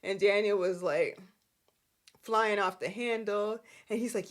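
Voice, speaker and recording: Speaking at a moderate pace in a mid-range voice, this woman hosts a casual soap opera recap. She's animated and laughs often, performing the characters' lines herself.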